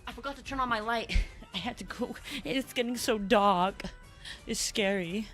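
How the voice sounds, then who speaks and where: A woman's voice: a little high, normal speed, fairly bright tone, faint music behind. A woman streaming a game who chats casually with her viewers, reads the story aloud, often laughs and stumbles over hard game words. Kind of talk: casual livestream chat and story reading.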